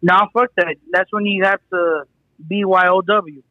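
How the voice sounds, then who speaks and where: Man, high pitch, podcast guest, blunt profane joking, dry lo-fi recording. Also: fairly even intonation, measured pace, bright, forceful tone, dry recording. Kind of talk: casual podcast chat. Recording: dry, dull lo-fi sound.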